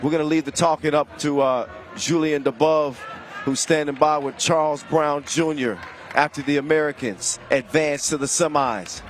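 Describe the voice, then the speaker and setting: A man calling a basketball game live, shouting with excitement and playful wordplay. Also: a little high, normal speed. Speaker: play-by-play commentator. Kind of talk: excitable sports commentary. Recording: loud arena crowd and music behind. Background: crowd and music.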